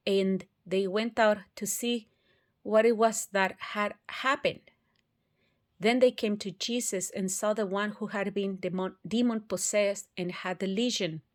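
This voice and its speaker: Slow, careful woman reading scripture. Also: mid-range voice. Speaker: Bible reader.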